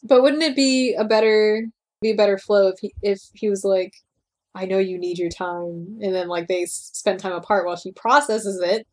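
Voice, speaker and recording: A young woman co-hosting a casual podcast, chatting and reading book passages aloud with animated voices. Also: mid-range voice, a little fast. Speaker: podcast co-host.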